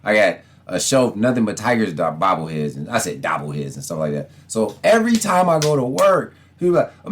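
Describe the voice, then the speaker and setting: A man hosting a sports podcast, talking casually in slangy, animated bursts, often laughing and mimicking other people. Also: medium pitch, fairly quick, hardly any pauses, a little hiss or hum. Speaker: podcast host.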